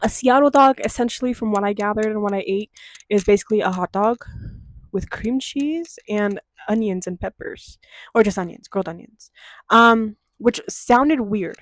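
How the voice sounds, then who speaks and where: Young woman vlogger, dramatic and cussing, mid pitch, dry room. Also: normal speed, no room sound. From Denver, USA. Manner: animated, profane, dramatic storytelling with quoted voices. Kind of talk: casual storytime chat.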